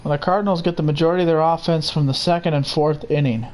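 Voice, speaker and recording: A young man calling a baseball game play by play, steady and unhurried, with casual asides. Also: on the high side. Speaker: play-by-play commentator. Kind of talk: simulated baseball commentary.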